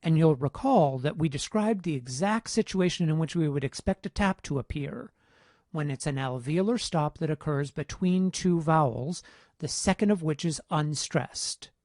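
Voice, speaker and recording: A man lecturing on phonetic transcription in a measured, explanatory teaching tone. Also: a little high, a little mellow, dry recording, clean studio sound. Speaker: linguistics instructor.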